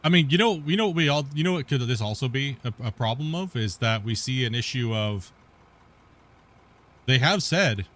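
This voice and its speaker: A man's voice: mid-range voice, animated, a little fast, a bit bright. A man streaming a game, chatting casually and rambling, often laughing and swearing, always tacking on "you know" and "right?". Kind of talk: casual gameplay chat.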